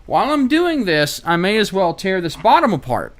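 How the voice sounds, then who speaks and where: A fairly high-pitched American man talks through a laptop repair on a live stream. He is offhand and wry, swears now and then, and thinks out loud between tasks. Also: big pitch swings, normal speed, slight background noise. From United States. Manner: casual, wry and profane, thinking aloud while working.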